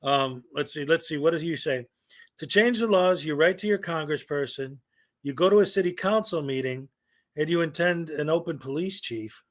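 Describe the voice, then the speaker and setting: A man's voice: a little high, normal speed. A man hosting a casual livestream, talking to chat with sarcastic, joking asides. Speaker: channel host.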